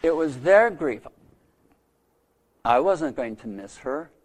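A middle-aged man preaching a sermon, telling a story earnestly with dramatic pauses. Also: a little high, animated. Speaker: pastor.

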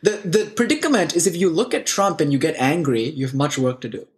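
A man with a somewhat high voice tells spiritual stories in a loose, casual way. He talks animatedly and leans on lots of fillers and asides as he goes. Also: fast talker.

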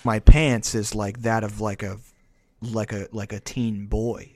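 A man's voice: fairly low pitch, level tone, a little slow, darkish tone, no echo. Man, young adult, rambling profane storyteller, casual chat, dry close sound. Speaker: podcast host.

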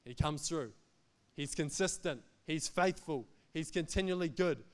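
Male pastor, emphatic sermon delivery, higher voice. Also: a little slow. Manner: emphatic, repetitive, jokes between points.

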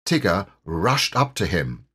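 Male audiobook reader, husky, lively lilt, storybook narration. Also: sits low, unhurried.

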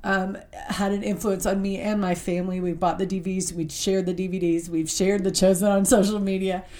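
A woman's voice: mid-range voice, level tone, mellow. A woman giving a heartfelt devotional talk, reading scripture aloud and speaking with open emotion. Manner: reads scripture aloud slowly.

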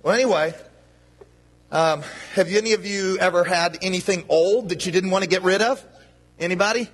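A man's voice: high-pitched, moderate pace, a bit bright. A man giving a children's sermon in a church, talking to the kids in a playful, friendly way. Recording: long reverb of a church hall.

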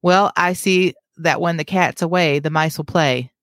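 Prim scolding belle, haughty and sharp-tongued, as a woman reads her. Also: deep voice, normal speed, dry recording, clean studio sound, lightly acted.

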